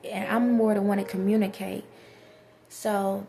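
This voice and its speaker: A woman's voice: mid-range voice, level tone, measured pace, vocal fry, noisy background. A woman vlogger in a casual spiritual monologue, talking emphatically straight to her viewers and repeating her points.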